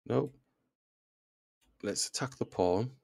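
A man's voice: medium pitch, takes it slowly, gravelly, a little mellow, no echo, clean studio sound. A man giving casual chess commentary, thinking aloud move by move and groaning at his own mistakes. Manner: self-deprecating, groans at his own blunders. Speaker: chess video creator.

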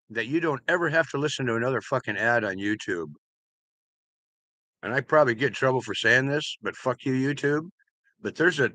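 A man livestreaming from his room at home, talking loudly and with a lot of swearing as he greets his viewers by name. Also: medium pitch, no room sound. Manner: loud, profane, greeting chat by name. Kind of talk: casual livestream chat with viewers.

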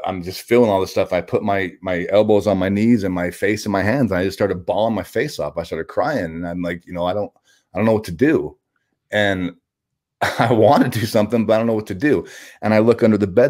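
A man telling a raw personal story as an interview guest, halting, with frequent restarts, repeated words and blunt swearing. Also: lowish voice, darkish tone. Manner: blunt and profane; raw, intense retelling.

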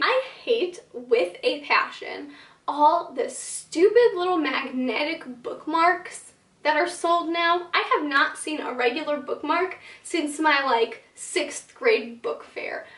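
A woman's voice: sits high, expressive, slow, fairly bright tone, recorded from a distance. A young woman vlogging about books in a chatty, gushing way, with lots of "like" and dramatic asides. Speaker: book vlogger. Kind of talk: casual talking-to-camera vlog. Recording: echoey room, slightly off mic.

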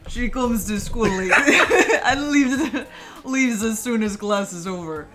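A woman's voice: on the high side, animated, takes it slowly, over music. A woman voicing a heartbroken male student in a stiff, put-on Russian accent for a video game. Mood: glum. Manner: stiff, formal mock-Russian delivery.

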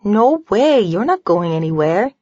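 A woman's voice: mid-range voice, very animated, measured pace, a little mellow, no room sound. A woman narrator voicing a playful, affectionate young woman in an audiobook, with a light teasing delivery. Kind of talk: audiobook dialogue. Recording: dull lo-fi dry recording.

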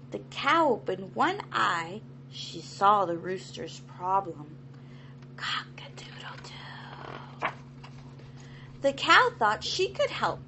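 A woman reading a children's picture book aloud in a slow, sing-song way, putting on playful animal voices. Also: a little high, sharp tone, slight background noise. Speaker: storybook reader.

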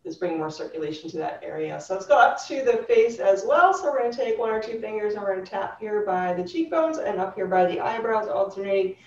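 A woman teaching a gentle chair yoga class, cueing breaths in a calm, instructive way. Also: mid-range voice, quick pace, few pauses. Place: yoga studio room, recorded live. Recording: roomy, distant, dull live class recording.

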